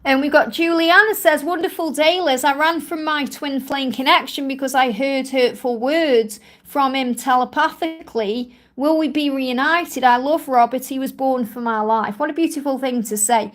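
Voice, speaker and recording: A woman's voice: high-pitched, normal speed, hardly any pauses. A woman from England with a strong Stoke-on-Trent accent, chatting and reassuring viewers as a spiritual reader in a live stream Q&A. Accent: Stoke-on-Trent English. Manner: chatty, reassuring, many "you know" fillers.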